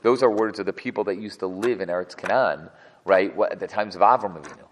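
Male Torah teacher, low voice, explains verse by verse, long hall reverb. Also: quick pace. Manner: explains verse by verse, translating as he goes. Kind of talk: text study class.

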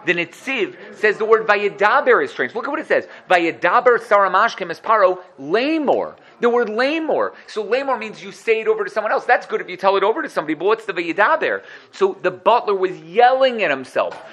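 A man, a rabbi, teaching a religious text lesson, walking through one commentary after another with animated, acted-out quotes. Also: sits high, fairly quick.

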